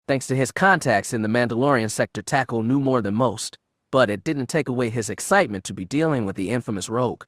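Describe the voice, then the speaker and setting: A man's voice: mid-range voice, quick pace, no echo. Man narrating an audiobook, dry close sound.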